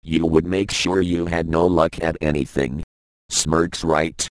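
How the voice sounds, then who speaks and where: A man reading a stand-up comedy script aloud, stage directions included, in a deadpan voice with long pauses. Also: sits low, dry recording, poor audio.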